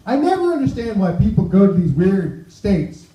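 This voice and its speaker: A man's voice: high voice, sing-song, a little fast, a little hiss or hum. A man performing a stand-up set on a club stage, chatty, tossing asides to the crowd. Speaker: stand-up comedian. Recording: roomy, dull club recording.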